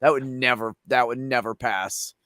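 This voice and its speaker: A man's voice: medium pitch, fairly even intonation, moderate pace, over a noisy crowd. A man hosting a casual chat show, telling long rambling family stories with plenty of swearing. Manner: profane, rambling anecdotes. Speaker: show host.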